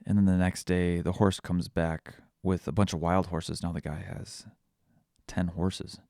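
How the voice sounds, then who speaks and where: A man hosting a podcast, thinking out loud in a casual reflective monologue, searching for words with frequent restarts. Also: low-pitched, level tone, a little slow, no echo, studio quality. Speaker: podcast host.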